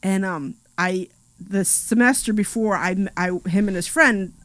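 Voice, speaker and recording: A woman's voice: mid-range voice, unhurried, no echo. A woman co-hosting a live finance radio show, telling rambling stories full of "you know" and "like" and laughing often. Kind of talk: casual radio chat.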